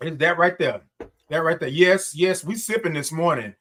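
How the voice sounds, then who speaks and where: Man, livestream host, high voice, calls out viewers by name, sings long greetings. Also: moderate pace, fairly bright tone. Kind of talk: casual morning livestream chat.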